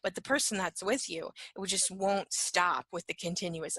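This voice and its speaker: A woman's voice: mid-range voice, steady tone, normal speed, hardly any pauses, breathy edge, no room sound. A woman giving an informal spoken lesson, talking conversationally, often asking "right?" and sometimes dropping to a whisper. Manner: conversational, keeps asking "right?", acts out little dialogues; drops to a soft whisper at times. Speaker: empath teacher.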